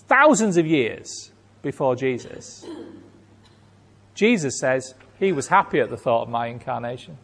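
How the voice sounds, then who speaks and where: A man preaching a sermon in an emphatic, rhetorical way, acting out imagined reactions and repeating key phrases. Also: a little high. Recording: long hall reverb.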